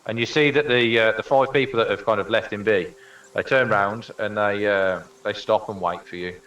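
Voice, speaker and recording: Low-voiced man narrating as game master. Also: fairly even intonation, moderate pace, fairly bright tone, recorded from a distance, highs cut off. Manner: casual, hesitant narration with fillers.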